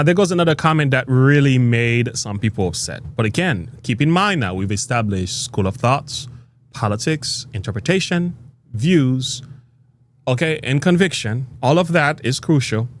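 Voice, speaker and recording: A man's voice: medium pitch, expressive, normal speed, slight background noise. A man hosting a media commentary, talking emphatically and checking in with the listener as he goes. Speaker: commentary host.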